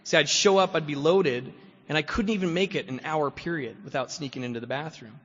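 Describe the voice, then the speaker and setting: A man's voice: fairly high pitch, brisk. A man giving a personal recovery talk as guest speaker at a meeting, rambling with constant fillers and frequent chuckles. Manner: rambling, full of "you know" fillers, chuckles often. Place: meeting hall. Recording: echoey hall, dull lo-fi sound.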